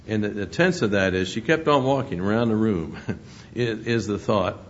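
A man preaching a sermon, reading scripture aloud and stressing words with emphatic rises. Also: normal speed. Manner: reads scripture aloud with emphatic rises, chuckles between points. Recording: muffled lo-fi recording with faint rumble.

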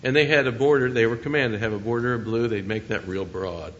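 A man's voice: medium pitch, fast, fairly bright tone, slight background noise. Earnest preacher man, muffled recording. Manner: earnest, conversational preaching with rhetorical questions. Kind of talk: sermon.

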